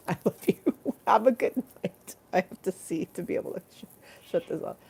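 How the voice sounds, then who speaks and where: Reading chat names aloud on her laid-back livestream, this host rambles and giggles at a moderate pace. Her voice is fairly low, with vocal fry and a breathy edge.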